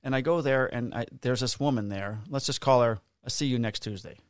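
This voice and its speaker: A man's voice: medium pitch, brisk, dry recording, clean studio sound. A middle-aged man on a podcast, casually telling a work story, swearing freely and acting out the people he quotes in a raised voice. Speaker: podcast co-host, police officer.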